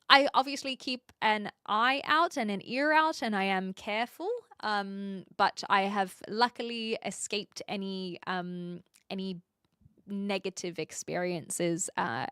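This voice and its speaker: Chatty woman streamer, smooth dry voice. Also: mid-range voice, a bit bright, no echo. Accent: mixed Australian and British. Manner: chatty, reads chat messages aloud and answers them. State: sleepy. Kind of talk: casual chat with live chat.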